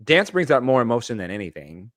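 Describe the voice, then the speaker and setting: Lively guy cohosting a podcast, playful and emphatic, dead dry room. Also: medium pitch, fast, no echo. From Los Angeles. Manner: animated, playful, emphatic storyteller. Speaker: podcast co-host. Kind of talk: casual chat.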